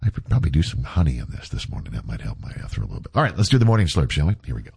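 A man's voice: very deep voice, sing-song, rapid-fire, gravelly, a little mellow, slightly rough. Congested man hosting morning radio. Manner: chatty and self-mocking. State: congested, stuffy nose. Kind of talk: casual morning radio chat. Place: radio studio.

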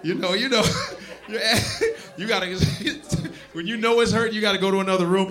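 A man doing a stand-up comedy set on stage, acting out both sides of scenes and dropping to a hushed voice for asides. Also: moderate pace. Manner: drops to a low hushed voice for asides. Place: comedy club stage with laughing audience. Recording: live club, loud crowd laughter.

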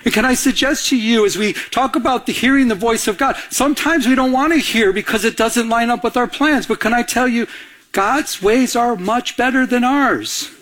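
A man preaching a sermon as a pastor, animated, acting out the voices of the figures in his story. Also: very high-pitched, moderate pace. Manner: animated, acts out voices of God and Elijah.

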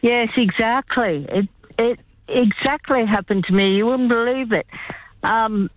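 A woman's voice: a little high, measured pace. An older woman calls in to a radio show and tells a long story in a rambling, chatty way, with many asides. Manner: rambling, chatty, lots of "you know". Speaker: caller. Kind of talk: phone-in storytelling. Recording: tinny phone line.

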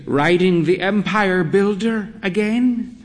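A man voicing a frail, proud old woman who speaks in a high, quavering, grandly dramatic way. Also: slow.

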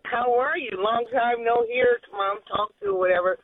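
A woman's voice: a little high, steady tone, normal speed, no echo. A woman calling in to a radio show, rambling, repeating herself and restarting phrases as she talks. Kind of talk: phone-in call. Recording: tinny phone line.

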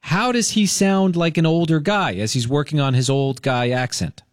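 A man hosting a morning radio show, chatting excitedly with a caller in the studio. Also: a little high, moderate pace, no room sound.

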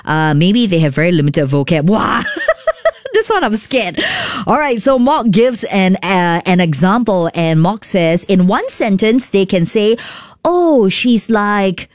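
A woman's voice: mid-range voice, no echo. Chatty Singaporean woman radio host, dry studio sound. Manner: chatty and expressive, with filler tags like "right?" and "okay?". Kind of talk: radio show chat reading listener messages.

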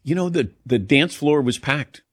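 Man, talk show host, storytelling, animated pitch, laughs a lot, dry studio. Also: moderate pace, no echo. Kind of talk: casual radio show chat.

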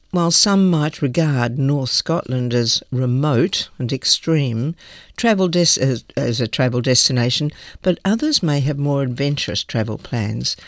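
A woman's voice: low voice, creaky, dry recording, clean studio sound. A woman hosting a talk show, chattily introducing the coming segments with some hesitant restarts. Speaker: radio show host.

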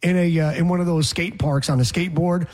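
A man's voice: on the high side, fairly even intonation, brisk, darkish tone. A man hosting a casual sports talk show, joking around and drawling words for effect. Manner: playful, mimics voices and drawls words for effect. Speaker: sports radio host.

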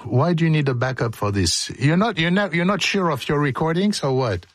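Man, radio host, husky tone, swooping lively delivery, joking and self-mocking, dry studio mic. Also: fairly high pitch, a little fast, dry recording. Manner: jokey, self-mocking, breaks off mid-line. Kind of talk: playful studio outtakes of scripted narration. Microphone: studio microphone.

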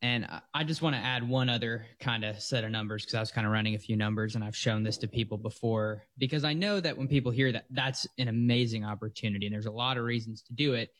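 A man's voice: medium pitch, fast talker, hardly any pauses, fairly bright tone. A man co-hosting a financial talk show, eagerly jumping in to add his own figures.

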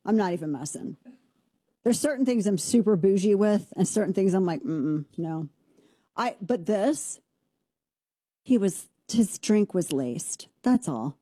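A woman hosts a commentary show, firing off sarcastic rants. Her voice is mellow and dark in tone. It is recorded dry and close, with no room sound. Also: mid-range voice, lively intonation, slightly rough, dry recording. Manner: sarcastic, rapid-fire ranting. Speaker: host.

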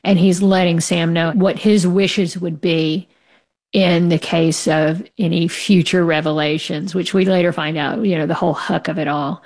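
A woman's voice: on the low side, steady tone, moderate pace, a little mellow. A woman, a novelist, talking frankly and with strong opinions as a guest in an interview, laughing now and then as she speaks. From United States. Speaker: author as guest. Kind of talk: casual interview talk.

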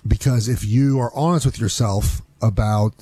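A man's voice: fairly low pitch, normal speed, warm tone, husky, no echo. A man co-hosting a sports radio show, arguing his point with sarcastic back-and-forth. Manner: argumentative, sarcastic. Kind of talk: casual sports radio banter.

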